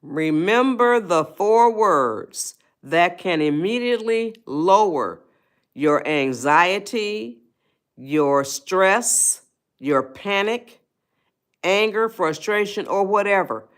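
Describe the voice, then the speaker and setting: A woman's voice: medium pitch, expressive, slow, clean tone. A middle-aged woman, hosting a casual motivational livestream and talking straight to her viewers in a folksy way. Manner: folksy, talks straight to viewers, answers chat. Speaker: livestream host giving life advice.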